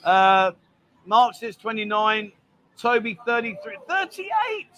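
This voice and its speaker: A man's voice: high-pitched, very animated, slow, a bit bright, highs cut off. A man hosting a casual livestream from a bar, teasing his guest and reading viewer comments aloud. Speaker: bar show host.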